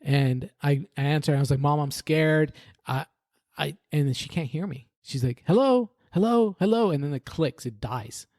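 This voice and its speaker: A man's voice: medium pitch, steady tone, moderate pace, a little mellow, dry recording, studio quality. A man, a podcast guest, earnestly tells his personal faith story in conversation, often restarting sentences and adding "right?".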